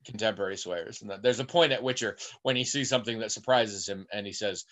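A man's voice: lowish voice, fast, a bit bright. A man co-hosting a podcast, chatting casually and wandering off on digressions as he tells stories. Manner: rambling, digressive storyteller. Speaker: podcast co-host.

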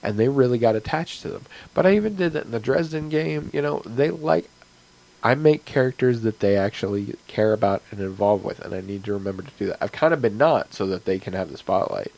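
A man's voice: fairly low pitch, expressive, a little fast, gravelly, a little mellow, poor audio. A man, a game master and podcast host, talking in a rambling, chatty way about his game and his week. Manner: rambling, chatty, frequent fillers. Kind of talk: casual podcast chat.

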